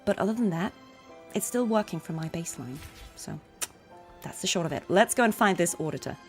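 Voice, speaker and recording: A woman's voice: fairly low pitch, expressive, brisk, faint music behind. A woman with a neutral RP English accent chatting as a voice actor while streaming a game, laughing often. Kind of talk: casual stream commentary.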